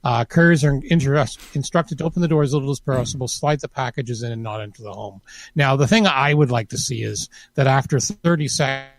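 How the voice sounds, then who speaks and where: A man co-hosting a casual podcast, talking in a halting way with many restarts and fillers. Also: mid-range voice, no echo. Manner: hesitant, many restarts and "you know". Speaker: podcast co-host. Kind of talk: casual chat.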